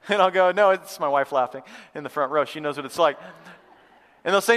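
A male pastor giving a lively, conversational sermon to a live church congregation, repeating phrases for emphasis. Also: a little high, brisk, smooth. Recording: long hall reverb.

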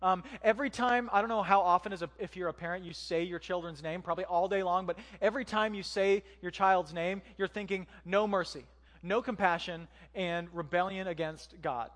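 A man's voice: sits high, a little fast, fairly bright tone. Male preacher, conversational sermon, rhetorical questions, reverberant church hall. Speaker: pastor.

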